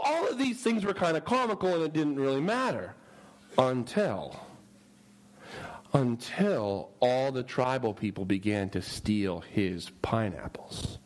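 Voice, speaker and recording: A man's voice: mid-range voice, poor audio. A male preacher telling a humorous story in a sermon and asking his listeners questions. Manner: animated, humorous, asks the audience questions.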